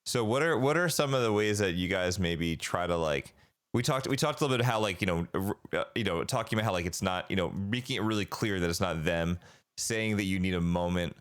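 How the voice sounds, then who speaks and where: A man's voice: deep voice, animated, fairly quick, clear, resonant tone. A man in his forties co-hosting a parenting podcast, talking in a rambling way with lots of fillers and restarts. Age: 40s. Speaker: podcast co-host. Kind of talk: casual chat.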